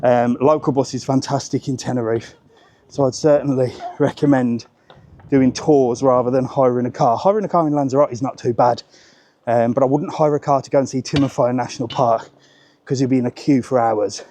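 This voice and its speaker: A man's voice: medium pitch, fairly even intonation, fairly quick, dark tone, a little hiss or hum. Chatty Birmingham man vlogging outdoors. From Birmingham, England. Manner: chatty, cheerful, informal slang. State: out of breath. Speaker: travel vlogger. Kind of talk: live walking vlog. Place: outdoors on a hillside street.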